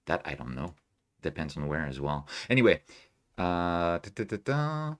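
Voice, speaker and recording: A young man with a somewhat low voice hosts a relaxed live stream from his home. He chats loosely, greeting viewers and reading their messages aloud, and fills his talk with ums, likes and restarts. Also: normal speed. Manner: chatty, reads chat aloud, many fillers and restarts. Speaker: astrophotography livestream host. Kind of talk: casual live stream chat. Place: home room with equipment.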